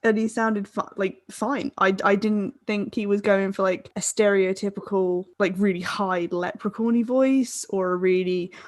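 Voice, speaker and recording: A woman's voice: mid-range voice, steady tone, normal speed, few pauses, dry recording. Rambling woman, chatty and tipsy. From Ireland. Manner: rambling, chatty, laughs often, swears. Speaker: podcast co-host. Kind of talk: casual tipsy chat. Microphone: desk microphone.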